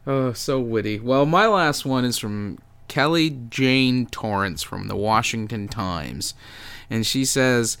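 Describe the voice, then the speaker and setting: A man's voice: medium pitch, unhurried, a bit bright, clear, resonant tone. A man co-hosting a casual podcast, making sarcastic remarks and reading reviews. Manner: dry, sarcastic. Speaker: podcast co-host.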